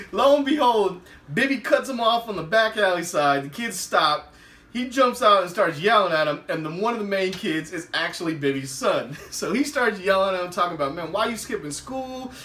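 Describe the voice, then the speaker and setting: A man hosting a podcast, giving a casual, animated recap of a TV episode, laughing often and acting out the characters' lines. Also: high-pitched, moderate pace, recorded from a distance. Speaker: podcast host. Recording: roomy, away from the mic.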